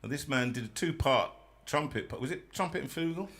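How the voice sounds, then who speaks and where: A man's voice: on the high side, animated, brisk, fairly bright tone. A man hosting a live music stream, chatting casually with a guest and explaining things for viewers. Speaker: host.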